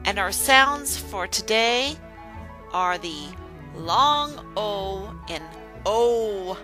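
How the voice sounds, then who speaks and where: A woman teaching a reading lesson, sounding out words one by one with careful, clear enunciation. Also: mid-range voice, bright, forceful tone. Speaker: phonics teacher.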